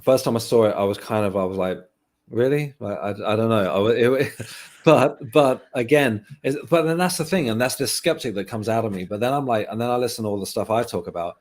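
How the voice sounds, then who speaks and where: Man as a guest, reflective and candid, voice sitting a little low. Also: brisk, darkish tone. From England. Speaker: guest medium. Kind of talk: casual interview chat.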